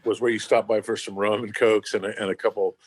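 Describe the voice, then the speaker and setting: A man's voice: on the low side, level tone, fast, no echo. A man, a touring band member, tells rambling, profane stories on a podcast, laughing as he goes. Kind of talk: casual podcast storytelling.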